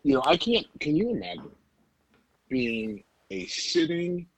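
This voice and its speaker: A man's voice: on the high side, wildly swooping pitch, unhurried, slightly rough, poor audio. A man co-hosting a podcast, talking politics in an emphatic, incredulous way. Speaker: podcast co-host. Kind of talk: casual political chat.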